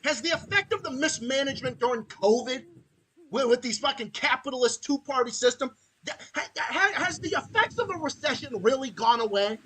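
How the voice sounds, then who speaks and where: A man's voice: extremely high pitch, sharp tone, a little hiss or hum, poor audio. A man hosting a podcast, ranting angrily about politics with heavy swearing and mocking put-on voices. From Massachusetts, USA. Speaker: podcast host. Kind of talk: political rant.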